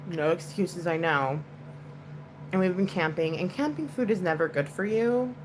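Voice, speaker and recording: A woman's voice: on the low side, animated, normal speed, background noise. A woman hosting a casual livestream chat, talking to viewers in a chatty, comforting way with lots of "like" fillers.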